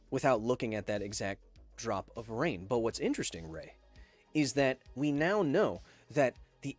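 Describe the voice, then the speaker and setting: A chatty man in his thirties hosts a casual livestream, joking with viewers as he reads out their messages. His voice sits at an ordinary pitch and is recorded close and dry, with faint music underneath. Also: dry recording. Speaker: podcast host reading live chat.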